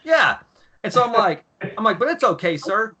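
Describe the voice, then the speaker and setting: A man in his thirties, a former Marine guest, telling profane, animated stories in casual podcast chat. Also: sits high, moderate pace, slightly rough.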